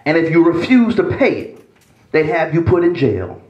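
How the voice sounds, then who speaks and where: A very animated pastor preaches at normal speed in church, giving an emphatic, dramatic performance that moves between subdued and raised delivery. The room echoes, and the sound is lo-fi.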